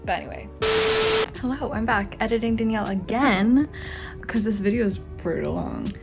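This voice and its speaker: A woman's voice: medium pitch, animated, normal speed, creaky, over loud music. A young woman vlogger telling a casual story, gushing and peppering it with filler words. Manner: gushing, filler-heavy with many likes.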